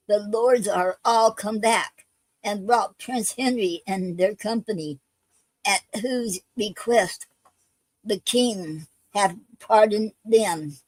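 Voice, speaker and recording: A woman reading the part of a male soldier bringing grim news at night, in a plain, measured voice. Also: mid-range voice, dry recording, low-quality recording.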